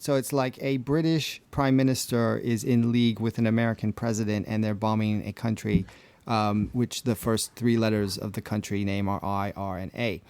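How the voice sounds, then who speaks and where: Relaxed male co-host, filler-heavy delivery, dry studio sound. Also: mid-range voice, no room sound. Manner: easygoing, hesitant with many fillers. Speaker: podcast co-host. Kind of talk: casual chat.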